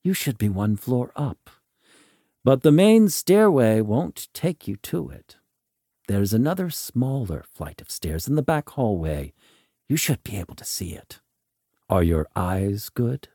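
A man voicing a calm, cryptic tall male musician in a story reading, speaking in a measured, quietly knowing way. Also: medium pitch, no echo, clean studio sound.

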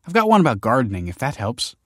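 A cocky, sharp-tongued young woman who teases and snaps back fast, as a male narrator puts her on with a lifted voice. The sound is dry and close, with no room around it. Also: medium pitch, huge pitch swings, no room sound, voice pushed up. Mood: teasing. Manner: sharp, snappy banter. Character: brash, teasing young adult woman.

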